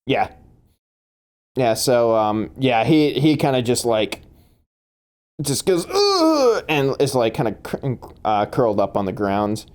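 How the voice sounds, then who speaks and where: A man's voice: mid-range voice, a little slow, long pauses, a little mellow, clean tone. A man running a tabletop game as game master, laughing often and talking with many fillers and restarts.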